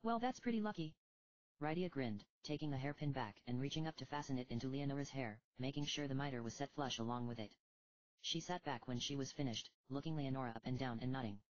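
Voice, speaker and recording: A woman reading a fantasy story aloud as narrator, steady and even. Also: a bass voice, fast, no room sound, muffled recording. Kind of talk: audiobook reading of fan fiction.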